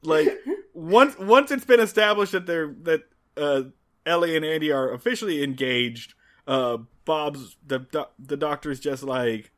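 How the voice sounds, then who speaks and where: A man's voice: fairly high pitch, lively intonation, moderate pace, fairly bright tone. A man co-hosting a podcast, recapping an old TV episode in casual chat, wry and exasperated, acting out characters' lines. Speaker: podcast co-host.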